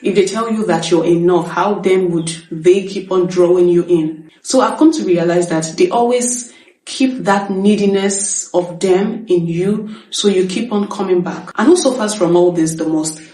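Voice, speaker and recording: A woman's voice: on the low side, moderate pace, warm tone. A woman hosting an opinion commentary, speaking firmly and repeating points for emphasis. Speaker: commentary host. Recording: echoey room, distant from mic.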